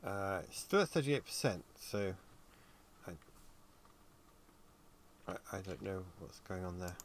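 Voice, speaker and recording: A man's voice: low-pitched, lively intonation, a little hiss or hum. Tired man rambling through a livestream. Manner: thinks aloud, halting with ums while working. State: tired and yawning. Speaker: 3D animator livestreaming his work. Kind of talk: casual livestream commentary.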